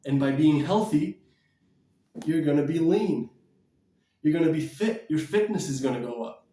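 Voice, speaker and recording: Energetic, preachy male diet vlogger. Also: a little high, moderate pace, roomy sound, recorded from a distance. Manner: energetic, bouncing and shadow boxing while talking; blunt, preachy. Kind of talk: casual motivational vlog.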